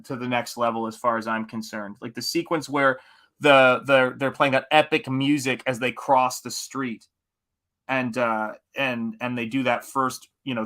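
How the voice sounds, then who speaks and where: Man, bright voice, enthusiastic, rambling, livestream host chatting with viewers. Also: mid-range voice. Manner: enthusiastic, rambling, answers chat. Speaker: livestream host and comic painter. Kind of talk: casual livestream chat while painting.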